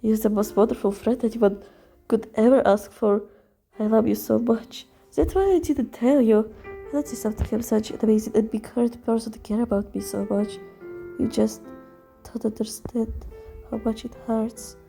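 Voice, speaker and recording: A woman voicing a troubled young male best friend in a fan reading of a visual novel; soft, hesitant and apologetic. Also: a little high, moderate pace, vocal fry, faint music behind. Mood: tender.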